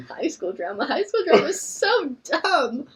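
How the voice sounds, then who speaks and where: A young woman in her late teens, a guest in casual chat, bubbly and quick to laugh. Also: sits high, big pitch swings, a crowd in the background, low-quality recording. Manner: bubbly, giggly, enthusiastic.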